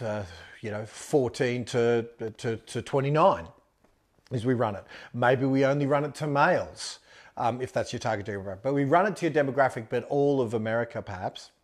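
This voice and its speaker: A man talks through business advice in a loose, chatty way. He rambles, restarts his sentences and fills gaps with ums and uhs, at a mid pitch. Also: brisk. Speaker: business mentor answering a question. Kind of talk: casual advice talk.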